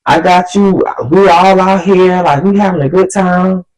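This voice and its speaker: A woman voicing a pushy, smooth-talking young man on a date, with an easygoing, coaxing drawl. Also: fairly low pitch, steady tone, measured pace, a little mellow, natural voice, rough recording.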